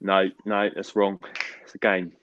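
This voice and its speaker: A man's voice: low voice, monotone, a little slow, a bit bright, a little hiss or hum. A man with a London Cockney accent calling into a live show, provocative and insistent, repeating himself. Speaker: caller. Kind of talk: trolling call-in on a livestream. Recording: lo-fi call audio.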